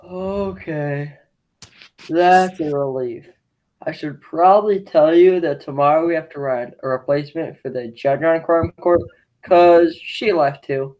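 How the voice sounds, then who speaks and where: A man's voice: on the high side, a little slow, highs cut off, close to an everyday voice. A man playing a laid-back, rambling assistant. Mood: offhand. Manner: casual, offhand, rambling. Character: laid-back, scatterbrained young male casting assistant. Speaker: casting assistant. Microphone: video call.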